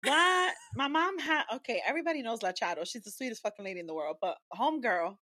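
A woman podcast host with a bright, forceful voice, expressive and conversational. She often turns to her guest with "right?" The recording is close and dry. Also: a little high, quick pace, no room sound. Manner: expressive, says "right?" a lot. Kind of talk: casual podcast chat.

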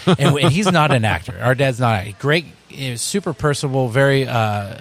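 A man, a bar co-owner, telling stories in a casual interview, animated and full of restarts. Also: medium pitch, moderate pace, hardly any pauses. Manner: storytelling, animated, many restarts.

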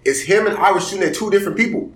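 A man from Seattle, a podcast guest, telling a story in casual talk and often checking that his listeners follow. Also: sits high. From Seattle, USA. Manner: animated, fast, keeps checking in with listeners. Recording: roomy echo.

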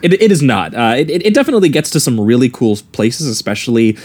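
A man's voice: medium pitch, very animated, quick pace, a little mellow. A man hosting a casual podcast talk about films, speaking hesitantly with many fillers and restarts. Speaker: podcast host. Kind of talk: casual film discussion.

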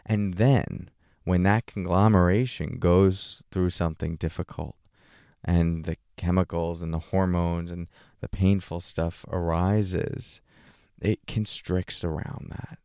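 A man's voice: sits low, fairly even intonation, takes it slowly, mellow, no echo, studio quality. A man giving a reflective spiritual talk as a meditation teacher, asking questions and voicing a listener's doubts in a raised tone.

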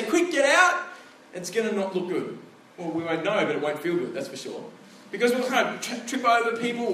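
A pastor in his thirties preaches with a high, lively voice. He tells stories from everyday life in a relaxed, chatty way. His voice carries from a distance across an echoey hall, with a faint hum of room noise behind it. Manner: conversational, storytelling with animated asides. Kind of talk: sermon.

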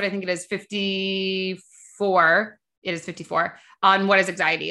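Young adult woman, podcast host, bright tense tone, casual emphatic storytelling with swearing. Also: lowish voice. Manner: chatty, emphatic, swears freely, rants when irritated.

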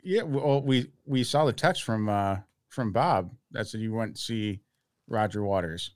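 A man's voice: lowish voice, a little slow, dry recording. A man co-hosting a casual podcast chat, making dry sarcastic remarks. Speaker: podcast co-host.

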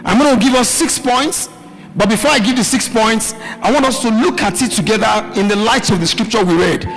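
A male pastor preaching a live midweek sermon, calling out questions for the congregation to answer and shouting key words. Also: high-pitched, brisk. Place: church hall with live congregation. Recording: live hall recording, reverb, faint music.

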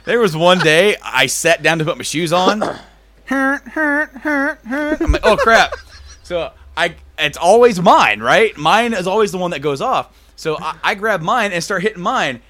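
A man's voice: high-pitched, animated, unhurried, fairly bright tone, no room sound. A man co-hosting a podcast in casual chat, with loose, profane, laughing banter. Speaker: podcast co-host.

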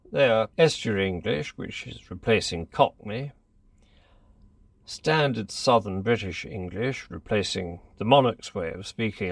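A man, a columnist, reading his own essay aloud in a measured, deliberate manner. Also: lowish voice, creaky, dry recording, far from the mic.

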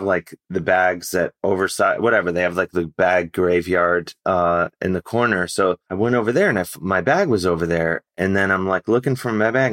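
Lively low-voiced male storyteller. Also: no room sound, studio quality. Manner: animated storyteller who acts out what people said. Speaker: podcast guest, musician and comedian. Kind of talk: casual anecdote telling.

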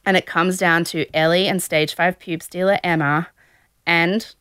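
A woman's voice: lowish voice, steady tone, measured pace, a bit bright, clear, resonant tone, no echo, clean studio sound. A young woman casually recapping a reality show as a podcast host, chatty and gossipy, often laughing and acting out what people said. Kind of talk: casual chat.

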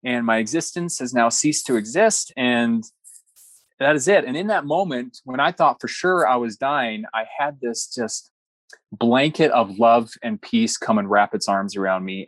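A young man recounts a personal story as an interview guest, in an earnest voice that moves easily between narration and quoted speech. His pitch sits in the middle range, and the recording is dry and close. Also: a bit bright, no echo.

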